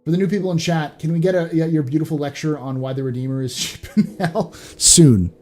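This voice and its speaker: A man's voice: on the high side, steady tone, quick pace, mellow, soft background music. A man hosting a live stream, chatting casually and often stumbling over and repeating his words.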